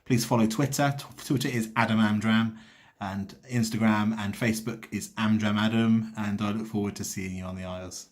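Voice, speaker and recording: A man's voice: lowish voice, fairly even intonation, moderate pace. Chatty man reviewing a show. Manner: chatty, rambling with restarts. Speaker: theatre reviewer vlogger. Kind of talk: casual vlog review. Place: outdoors walking uphill, then in a car.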